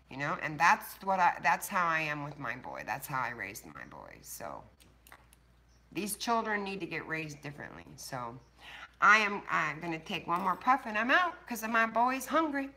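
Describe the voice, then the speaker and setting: Older lady streamer, blunt and sweary, bright tense voice, just chatting live. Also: low-pitched, very animated, normal speed. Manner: blunt, profane, talking straight to chat viewers. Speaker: livestream host. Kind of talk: casual live-stream chat.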